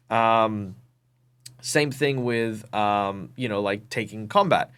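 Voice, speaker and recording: An Australian man telling game stories with lively energy. He often stops and restarts with ums, and his pitch sits in the middle range for a man. He speaks as a casual interview guest over a video call. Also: measured pace. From Perth, Western Australia. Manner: animated storyteller, many ums and restarts. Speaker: guest, professional game master.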